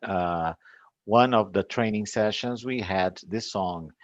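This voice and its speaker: A man from Brazil with a Brazilian Portuguese accent, an English teacher recounting a lesson in a relaxed, chatty way with fillers and small laughs. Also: on the low side, slow, dry recording, muffled recording.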